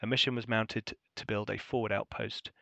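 Bright-voiced game master. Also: male voice, lowish voice, little pitch movement, moderate pace, gravelly, no room sound, muffled recording. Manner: casual, rambling with many ums. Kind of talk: narrating a tabletop game.

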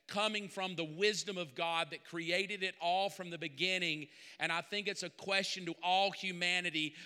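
A man preaches a sermon, easygoing at first and then rising into emphatic, forceful peaks. His voice sits a little high and rings smooth and resonant. Long reverb carries it through a big church hall. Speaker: pastor.

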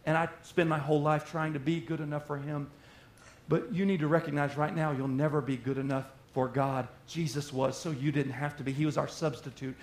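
A man preaching a sermon in an animated way, slipping into little acted-out voices of everyday people. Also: on the high side, a little fast. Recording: roomy echo.

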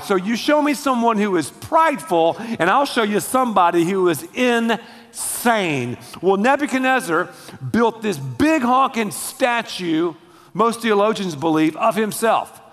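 A man preaching a sermon, telling the story in a lively, slangy way. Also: high voice, big-room sound. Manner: animated storytelling with slangy asides. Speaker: pastor.

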